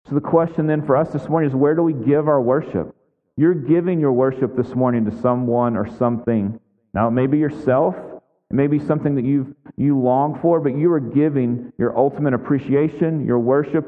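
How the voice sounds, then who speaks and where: A man preaching a sermon as pastor in a conversational way, with frequent asides asking his listeners. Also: medium pitch. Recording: tinny lo-fi sound in a big echoing hall.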